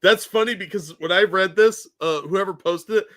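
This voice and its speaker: A man's voice: high-pitched, normal speed, sharp tone. A man co-hosting a podcast in casual chat, mocking and nerdy, often laughing. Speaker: podcast co-host.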